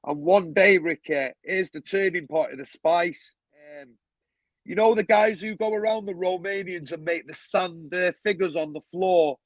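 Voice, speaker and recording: A man, a podcast guest telling animated stories, swearing often and acting out other people's voices. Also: high voice, normal speed, dry recording, rough recording. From Manchester, England. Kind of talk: casual storytelling.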